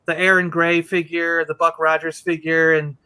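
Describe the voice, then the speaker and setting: A man chatting casually on a show, telling an animated story and acting out the quotes. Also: a little high, normal speed, smooth. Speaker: podcast co-host. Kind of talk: casual chat.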